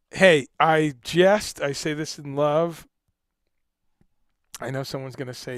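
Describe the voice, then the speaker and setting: A man hosting a casual livestream chat, animated and joking, who swears casually and greets viewers by name. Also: fairly high pitch, slow pace, long pauses, clean tone, no echo, studio quality. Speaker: livestream host.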